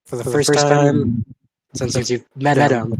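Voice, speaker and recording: A man running a tabletop game as game master, narrating each scene with an occasional stammer. His voice sits at a plain middle pitch. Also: fairly even intonation, slow pace, far from the mic, crowd noise, rough recording. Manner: descriptive, with slight stammers.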